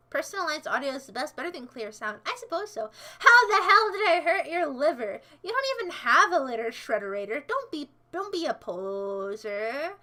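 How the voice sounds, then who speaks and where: A woman's voice: high-pitched, big pitch swings, normal speed, hardly any pauses, sharp tone. A woman livestreaming in a casual chat, answering her viewers in a playful, goofy way that jumps between silly voices and asides.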